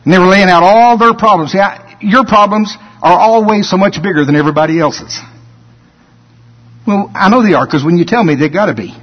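A man preaching a sermon as a pastor, building up to shouted emphasis. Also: high-pitched, a little fast, in a large hall, muffled recording.

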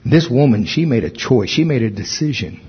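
A man preaching a sermon with emphatic delivery, rising in pitch when stirred. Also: lively intonation, normal speed, slightly rough, highs cut off. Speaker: pastor.

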